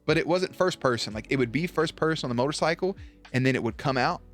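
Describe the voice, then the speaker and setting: A man chatting casually on a live stream, animated and profane, with sudden jumps up in pitch. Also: quick pace, soft background music.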